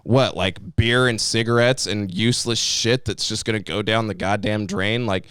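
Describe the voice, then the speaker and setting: A man's voice: fairly low pitch, steady tone, normal speed, a bit bright, clear, resonant tone, no room sound, studio quality. A man in his twenties, co-host of a podcast, ranting heatedly with lots of swearing and mocking voices. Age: 20s. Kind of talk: profane ranting podcast talk.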